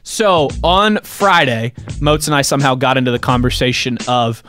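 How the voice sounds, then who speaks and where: A man's voice: medium pitch, animated, moderate pace, fairly bright tone, faint music behind. Upbeat man hosting sports radio. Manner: upbeat, playful banter. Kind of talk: casual sports talk.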